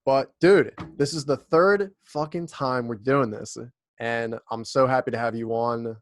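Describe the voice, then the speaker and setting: A young man hosts a podcast in a loose, laughing, swear-filled chat. His voice sits at an ordinary middle pitch, recorded close and dry with no room sound. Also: a little slow, no echo. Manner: laid-back, profane, laughs often. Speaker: podcast host. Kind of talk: casual chat.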